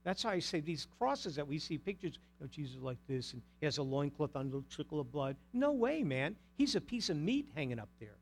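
A man's voice: on the high side, sing-song, a little fast, hardly any pauses, a little hiss or hum. A male pastor preaching an emphatic sermon, asking the congregation pointed rhetorical questions.

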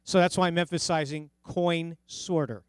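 A man's voice: a little high, animated, moderate pace, no echo. A middle-aged man with a New Jersey accent preaching a sermon, telling stories earnestly and repeating phrases for emphasis.

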